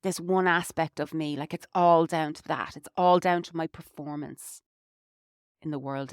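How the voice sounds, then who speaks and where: A woman's voice: sits low, vocal fry, smooth, no echo, clean studio sound. An Irish woman co-hosting a podcast, talking reflectively in casual conversation with lots of "you know"s. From Ireland. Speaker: podcast co-host.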